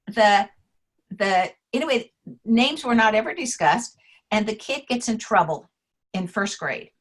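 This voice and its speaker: A woman interview guest, an author on names, telling anecdotes in a lively way, acting out the quotes and laughing often. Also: medium pitch, low-quality recording. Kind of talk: casual storytelling interview.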